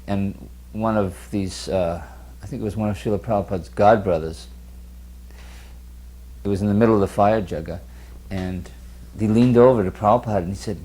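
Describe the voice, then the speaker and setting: A very deep male voice tells a short story with punchy timing. He acts out the voices in it before landing on the punchline. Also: moderate pace, low-quality recording. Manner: animated storyteller who acts out the quotes. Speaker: devotee telling an anecdote. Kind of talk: anecdote in an interview.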